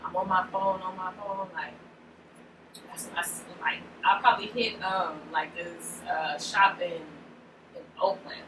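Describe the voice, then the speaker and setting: Bay woman, podcast co-host, animated storyteller; recorded roomy and off-mic. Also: lowish voice, a little slow. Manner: animated, full of "like", acts out quoted lines. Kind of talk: casual storytelling chat. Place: room in a shop with co-hosts. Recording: roomy, distant mic, noisy background.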